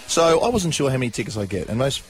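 A man's voice: mid-range voice, fast talker. A middle-aged man with an Australian accent, a radio co-host telling stories and acting out quoted voices. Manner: animated storyteller, acts out quotes. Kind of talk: storytelling on radio. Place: radio studio.

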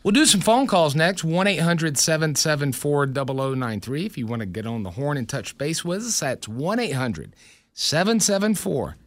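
A man's voice: on the high side, very animated. A man hosting a radio morning show, joking and teasing his guests in casual banter. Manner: joking, teasing, quick to jab.

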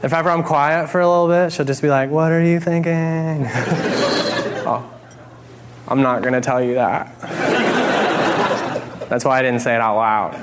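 A man's voice: mid-range voice, fairly even intonation, normal speed, long pauses. A man doing a stand-up comedy set with a dry, wry delivery, played as a clip. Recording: clip with loud crowd noise. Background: audience laughter.

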